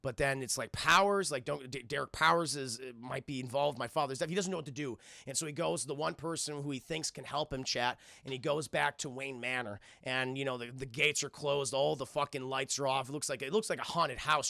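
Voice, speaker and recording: A man's voice: mid-range voice, steady tone, brisk, vocal fry, few pauses, bright, forceful tone, dry recording, clean studio sound. A man casually retelling and reviewing a cartoon episode for his live chat, rambling, swearing and restarting often. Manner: rambling, profane, keeps addressing the chat, frequent restarts.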